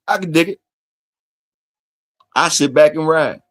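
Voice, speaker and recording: A man's voice: fairly high pitch, steady tone, normal speed, pauses often, no echo. A man hosting a casual solo livestream, talking loosely and profanely to his chat and reading comments aloud. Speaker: livestream host.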